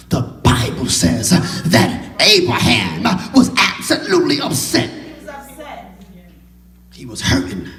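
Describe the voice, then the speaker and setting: A man preaching a sermon as pastor, shouting his lines and punctuating them with a constant "uh". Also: medium pitch. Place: church. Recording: echoey church hall.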